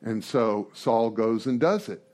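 A man's voice: lowish voice, measured pace, a little mellow. Man telling stories with humorous asides. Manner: conversational, rambling, humorous asides. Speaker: speaker at a recovery meeting. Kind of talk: storytelling talk to a group.

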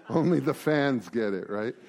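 A middle-aged man speaking to a recovery group in a lively, fairly high voice that swings widely in pitch. He talks casually, acts out quick exchanges between people and keeps checking in with "right?". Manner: animated, acts out conversations, frequent "right?" and "man". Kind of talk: informal recovery talk.

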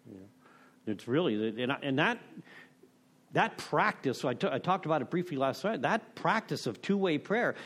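A middle-aged man giving a candid, rambling talk on recovery steps, full of self-deprecation and "you know.". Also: on the high side. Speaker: recovery meeting speaker.

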